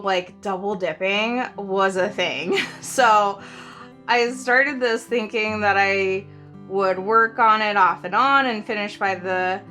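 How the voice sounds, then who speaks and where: Slow-talking bright-voiced woman, giggly. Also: medium pitch. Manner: giggly, filler-heavy, rambling. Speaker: crafting channel host. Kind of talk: casual show-and-tell chat.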